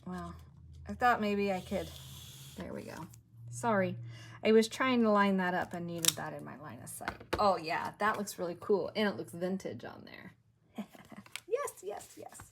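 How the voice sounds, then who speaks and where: A woman's voice: lowish voice, normal speed, slight background noise. A woman crafting at home, chatting casually and thinking aloud as she stamps, sounding a bit winded. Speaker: craft video creator.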